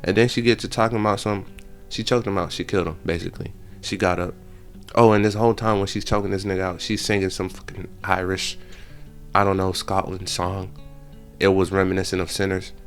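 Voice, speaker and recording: Casual male vlogger recapping a film, low rough voice, lively slang-heavy delivery. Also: fairly quick, soft background music. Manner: animated storytelling with slang and profanity. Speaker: channel host.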